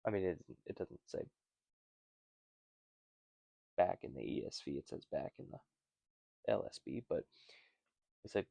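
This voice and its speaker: A man's voice: sits low, lively intonation, normal speed, creaky, pauses often, dark tone, breathy edge, no room sound. A man hosting a casual Bible study, reading passages and commenting with wry, rambling asides.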